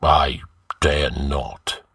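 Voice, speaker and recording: A man's voice: low-pitched, takes it slowly, fairly bright tone, slightly rough, no room sound, studio quality, heavily acted. A man doing a growling, bitter sorcerer. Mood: bitter menace. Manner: growling, bitter, muttered menace. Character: bitter male sorcerer slave, menacing and hateful.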